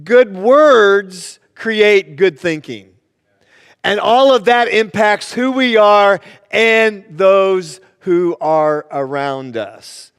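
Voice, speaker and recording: A man's voice: high voice, very slow, a bit bright, clear, resonant tone. A man preaching a sermon as pastor, telling a story and acting out its characters. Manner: storytelling, plays the joke with voices. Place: church sanctuary. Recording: church sanctuary with long reverb.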